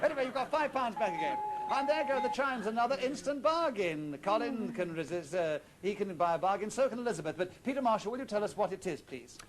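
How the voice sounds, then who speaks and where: Brisk high-voiced quiz host. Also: male voice, expressive, a little hiss or hum. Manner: brisk, chatty, teasing contestants, reading out questions. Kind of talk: television game show hosting. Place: television studio with an audience.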